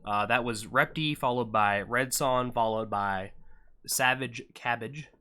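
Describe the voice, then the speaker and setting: A young adult man hosts a live stream, casually commentating an event and joking around with chat. His mid-range voice is unhurried, with a pushed, bright quality.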